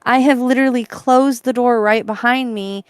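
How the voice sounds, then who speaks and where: A young woman co-hosting a podcast, chatting casually and telling a story with lively put-on voices and giggles. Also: on the high side, moderate pace, clean tone, no room sound. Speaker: podcast co-host. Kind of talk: casual chat.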